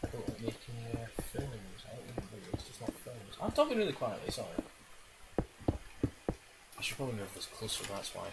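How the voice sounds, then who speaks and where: Swearing man over loud hiss. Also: mid-range voice, sing-song, a little fast. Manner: swearing, self-mocking, rambling. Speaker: gaming video creator. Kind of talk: rambling gameplay commentary. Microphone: laptop internal mic. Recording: loud hiss, laptop internal mic.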